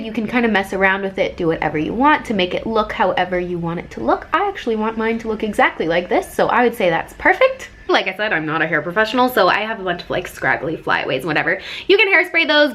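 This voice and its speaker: A woman's voice: medium pitch, a bit bright. A young adult woman chatting through a casual hair tutorial vlog, bubbly and full of side notes and self-mocking jokes, recorded by a camera on a tripod. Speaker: vlogger.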